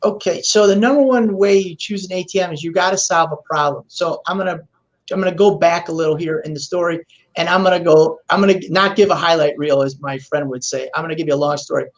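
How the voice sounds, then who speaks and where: A man as a podcast guest, explaining in a relaxed way and telling a long story in which he acts out the voices of the people he quotes. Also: on the high side, quick pace, highs cut off. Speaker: guest expert.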